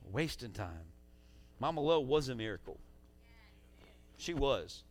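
A man preaching a sermon as pastor, swinging between loud urging and quiet asides in a church sanctuary on a stage mic. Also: medium pitch, sing-song, measured pace.

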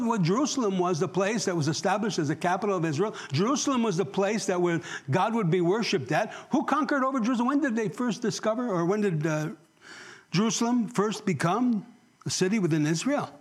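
Husky high-voiced male pastor preaching. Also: animated, fast talker. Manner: conversational, asks the congregation questions, jokes. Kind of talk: sermon with audience questions. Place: church.

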